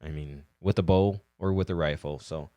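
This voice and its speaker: Deep-voiced man chatting, dry sound. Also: moderate pace, dark tone, no echo. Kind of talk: casual chat.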